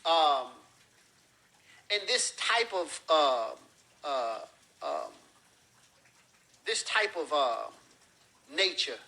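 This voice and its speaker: A male religious teacher lectures very slowly in a bright, fairly high, sing-song voice, leaving long pauses. He explains through everyday examples and acts out short phrases, and the recording is rough.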